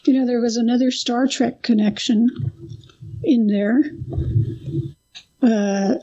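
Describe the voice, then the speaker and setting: A woman's voice: fairly high pitch, fairly even intonation, slow, dark tone. A woman co-hosting a casual film discussion, chatty and giggly, often trailing off mid-sentence. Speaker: podcast co-host. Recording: slightly muffled audio.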